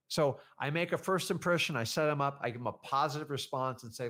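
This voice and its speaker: A man's voice: mid-range voice, quick pace, hardly any pauses. A man giving a casual coaching talk as a real estate trainer, acting out conversations with sellers. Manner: animated, acts out seller conversations.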